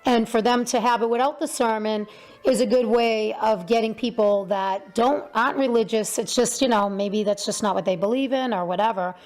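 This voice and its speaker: A woman's voice: on the high side, moderate pace, a little mellow. A woman hosting an interview show, chatting casually with many fillers and restarts.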